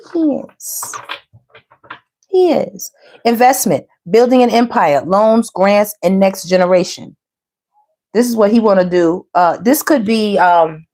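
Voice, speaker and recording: A woman with a medium-pitched voice gives a casual tarot reading. She's sassy and animated, packing in slang and calling her viewers "baby" and "y'all."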